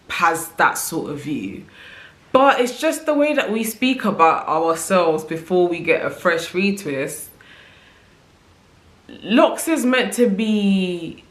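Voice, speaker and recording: A woman's voice: lowish voice, lively intonation, slow, pauses often, roomy sound. A woman vlogger talking casually to camera, reflective and conversational, often checking in with the listener as she thinks aloud. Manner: reflective, conversational, often tags "right?" and "you know". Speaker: vlogger sharing opinions.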